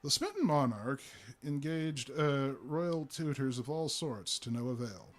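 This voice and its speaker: A man's voice: medium pitch, very animated, unhurried, soft background music. Man reading as a big jolly old doc telling puns with a poker face. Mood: droll. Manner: droll, then hearty. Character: portly jovial old male doctor, punster.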